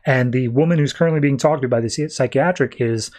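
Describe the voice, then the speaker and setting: Casual podcast host retelling comics. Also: male voice, mid-range voice, darkish tone. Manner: loose storytelling full of "like" and quick restarts. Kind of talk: casual comic-book recap.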